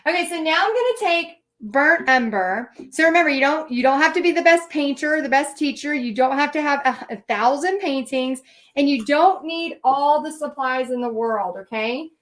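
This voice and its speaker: Woman, high register, paint party instructor; casual, rambling storyteller with frequent fillers. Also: expressive, moderate pace, a bit bright. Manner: chatty, frequent fillers and restarts. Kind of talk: live painting lesson with personal storytelling.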